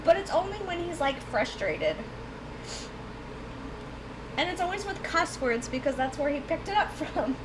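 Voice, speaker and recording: A woman with a touch of a Southern accent rambles and giggles while she plays a game on stream. Her voice sits high, and a faint hiss runs underneath. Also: sing-song, measured pace, long pauses.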